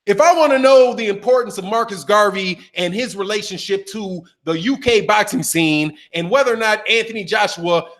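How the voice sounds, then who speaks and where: A man with a high voice rants through boxing commentary in a loose, casual way. He talks animatedly and swears freely, slipping into mocking impressions of the people he criticizes. His tone stays heated and incredulous. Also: normal speed, hardly any pauses, fairly bright tone. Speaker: boxing channel host.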